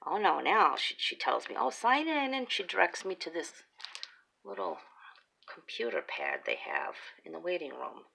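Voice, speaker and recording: A middle-aged woman chatting and telling family stories while crafting, laughing often and dropping into breathy whispered asides. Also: low voice, wildly swooping pitch, normal speed, pushed and bright, low-quality recording. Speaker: craft vlogger. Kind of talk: casual storytelling while crafting.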